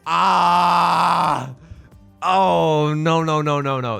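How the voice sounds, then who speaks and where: A man hosting a let's play, giving excitable, jokey commentary full of exclamations as he plays. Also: mid-range voice, unhurried, vocal fry, faint music behind. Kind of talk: live gameplay commentary.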